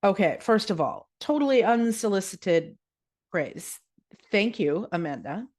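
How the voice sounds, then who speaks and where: A woman's voice: mid-range voice, animated, measured pace, a little mellow. A woman with a Canadian accent hosting her own podcast in a chatty, upbeat way, reading listener comments aloud. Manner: chatty, upbeat, laughs easily. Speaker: podcast host and yoga teacher.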